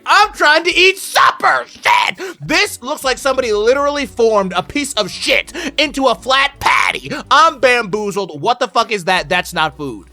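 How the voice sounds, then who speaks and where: High bright guy yelling and cussing at a video, voice bouncing all over. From United States. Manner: loud, profane, excitable outbursts. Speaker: reaction video host. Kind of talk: casual reaction commentary.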